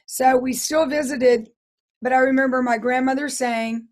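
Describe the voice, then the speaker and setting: A hoarse middle-aged woman, a guest telling her life story in an interview in an earnest, halting way with frequent restarts. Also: high voice, steady tone, darkish tone. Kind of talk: personal testimony interview.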